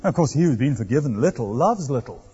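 A man's voice: medium pitch, very animated, fast, mellow, breathy edge. A man preaching a sermon, telling the story in a wry, conversational way. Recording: dull lo-fi recording in echoey hall.

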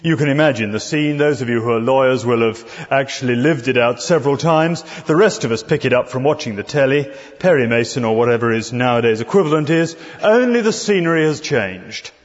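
A man's voice: medium pitch, animated, brisk, hardly any pauses. A man preaching an expository sermon, talking conversationally and putting rhetorical questions to his listeners. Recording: dull recording in a reverberant hall.

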